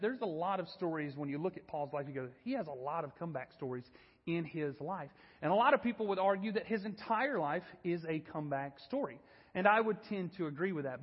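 A man in his thirties preaching a sermon, telling a story in an animated, self-deprecating way. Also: a little high, breathy edge, long reverb tail, lo-fi sound. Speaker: pastor. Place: church.

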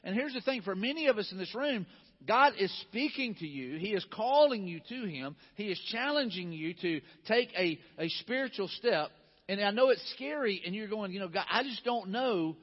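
A man's voice: high voice, animated, moderate pace, breathy edge. A man preaching as a pastor in a casual, conversational way. He acts out voices as he quotes people. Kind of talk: sermon. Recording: dull sound, long hall reverb.

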